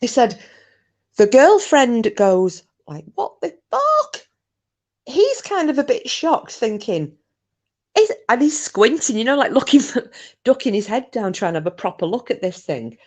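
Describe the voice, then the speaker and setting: A woman's voice: a little high, expressive, moderate pace, darkish tone. A woman, casually telling a ghost story in a chatty, rambling way, with swearing and restarts. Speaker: channel host.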